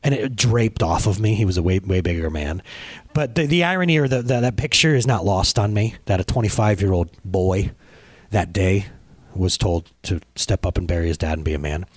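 Husky, animated man preaching. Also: low voice, fairly quick, no echo. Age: 30s. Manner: animated, storytelling, direct address to congregation. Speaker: pastor. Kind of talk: conversational sermon.

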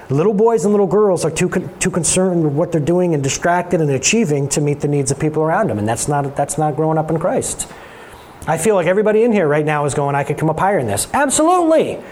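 A man preaching a sermon in an animated, conversational way, talking straight to his congregation. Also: a little high, a little hiss or hum. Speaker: pastor.

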